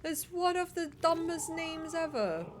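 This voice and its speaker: Young woman streamer, playful gaming chat, very animated pitch, slow drawl. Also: background noise. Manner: playful, exclaiming, reading dialogue choices aloud.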